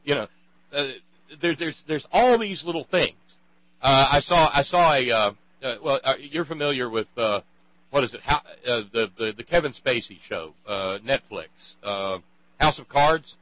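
A man's voice: mid-range voice, normal speed, dry recording, muffled recording. A man hosting a talk conversation, rambling and emphatic, with many restarts. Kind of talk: casual radio conversation.

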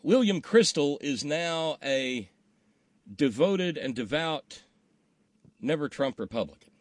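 A man's voice: a little high, animated, takes it slowly, dry recording. A man hosting a political talk show, blunt and wry, swearing casually as he reads listener questions.

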